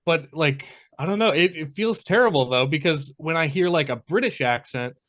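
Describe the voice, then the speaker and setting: A man's voice: fairly high pitch, expressive, moderate pace, a bit bright. A man co-hosting a podcast, speaking hesitantly with many fillers and second-guessing himself. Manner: hesitant, self-questioning, many "like"s. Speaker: podcast co-host. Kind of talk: casual chat.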